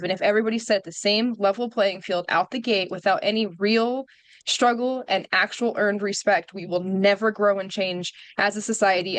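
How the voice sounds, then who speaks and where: A woman's voice: medium pitch, no echo, low-quality recording. A woman speaking as a podcast guest, giving her opinions in a blunt, emphatic and profane way. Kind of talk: casual conversational opinion talk.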